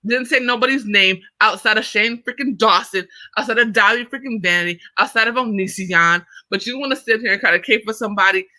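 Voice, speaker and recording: Woman, livestream rant, profane, irritated, very sharp bright voice. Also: fairly high pitch, no echo, rough recording. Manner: fast, emphatic and confrontational. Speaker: livestream host.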